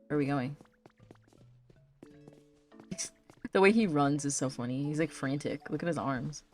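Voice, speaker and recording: Low-voiced woman streamer, casual chat, light music underneath. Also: a little slow, pauses often, a little mellow. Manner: chatty, giggly. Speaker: game streamer.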